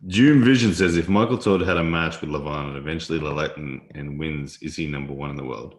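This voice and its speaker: Casual live-stream host, male, extremely low voice, loose and laughing, roomy echo on the mic. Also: brisk. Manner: chatty, laughs often, reads viewer comments aloud. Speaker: livestream host. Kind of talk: casual live-stream chat while playing chess.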